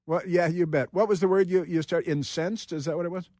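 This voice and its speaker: A man's voice: high voice, steady tone, brisk, a little mellow, dry recording, studio quality. A man hosting a political talk radio show, emphatic and rambling, laughing often. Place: radio studio. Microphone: studio microphone.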